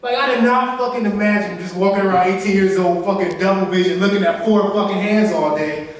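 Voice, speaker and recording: A young man works a small room with a profane stand-up set, his voice sitting high for a man. He jumps into his friends' voices mid-story. He is picked up from a distance, and the sound echoes heavily around the venue. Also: fairly quick. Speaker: stand-up comedian.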